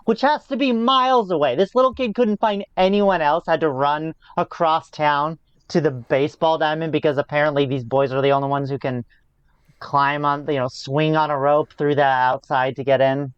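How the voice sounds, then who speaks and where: Brief: podcast co-host, smooth resonant voice, dry dull mic, wry casual recap. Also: medium pitch, fairly even intonation, normal speed, no room sound. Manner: wry, laughs often. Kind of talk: casual movie recap chat.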